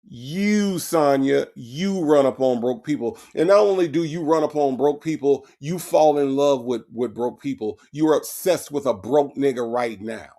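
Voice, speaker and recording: A man's voice: mid-range voice, moderate pace, hardly any pauses, dark tone. A man hosting a true-crime comedy podcast, delivering sarcastic, profane commentary and repeating his points for effect. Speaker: podcast host.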